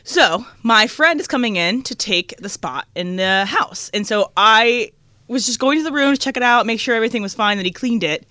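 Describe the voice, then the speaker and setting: A woman's voice: fairly high pitch, expressive, normal speed, sharp tone, no echo. A woman in her twenties co-hosting a radio talk show, chatting and telling stories with a giggle. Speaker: show co-host. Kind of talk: casual chat.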